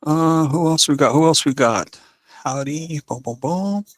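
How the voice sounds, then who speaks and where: A man's voice: a little high, a little slow, no echo. A man hosting a livestream, chatting casually and upbeat, reading viewer comments aloud with many fillers. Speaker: livestream host.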